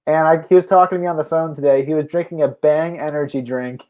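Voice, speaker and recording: A man's voice: on the high side, fairly even intonation, fast, highs cut off. A man co-hosting a casual chat, telling stories and laughing often. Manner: chatty storyteller, laughs often. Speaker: co-host.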